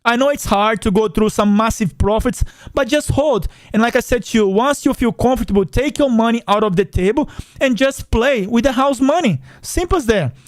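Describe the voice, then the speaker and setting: A man's voice: extremely high pitch, brisk, no echo, clean studio sound. A man who is not a native English speaker, hosting a finance channel and chatting casually through viewer comments, repeating himself and often calling his viewers "guys". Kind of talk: casual livestream chat reading comments.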